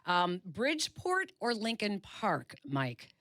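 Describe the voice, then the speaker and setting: Sports radio host, woman, brisk playful quizmaster, dry close studio sound. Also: mid-range voice, huge pitch swings, a bit bright, no echo. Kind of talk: casual sports talk interview.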